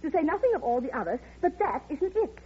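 A gushing, flighty society lady who talks in effusive, breathless rushes. Her voice sits high and swoops all over the place. The sound is dull, like an old radio broadcast. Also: sing-song, darkish tone. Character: gushing flighty rich society woman, middle-aged. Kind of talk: 1930s radio acting.

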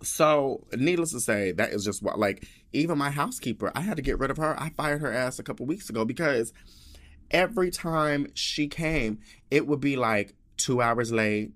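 A man's voice: medium pitch, expressive, normal speed, fairly bright tone. A man hosting a podcast, telling a story in a sassy, dramatic rant full of swearing and asides. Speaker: podcast host.

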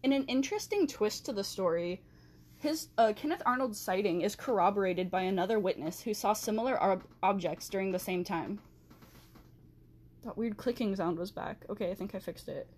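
A woman's voice: mid-range voice, moderate pace, darkish tone. Chatty woman narrating a history podcast. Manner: chatty asides and self-corrections, laughs at herself. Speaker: podcast host. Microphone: handheld mic she has to hold still.

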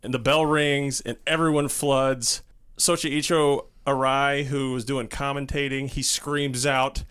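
A man's voice: mid-range voice, level tone, unhurried, fairly bright tone, clear, resonant tone. A man co-hosting a podcast in casual chat, retelling what he watched in an emphatic way and swearing freely. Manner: emphatic, profane, vivid retelling. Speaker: podcast co-host.

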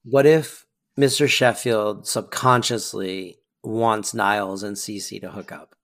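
Playful podcast cohost, mid pitch, tosses out wild theories while recapping a show. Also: steady tone, takes it slowly, fairly bright tone. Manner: playful, floats silly theories. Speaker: podcast co-host. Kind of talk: casual chat recapping a sitcom episode.

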